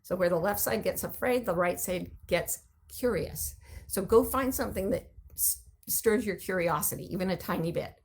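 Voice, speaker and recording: Woman host talking it through like a lesson, bit of fry in her voice, lively examples. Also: medium pitch, moderate pace. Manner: animated, explaining with vivid examples. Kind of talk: conversational teaching talk answering listener questions.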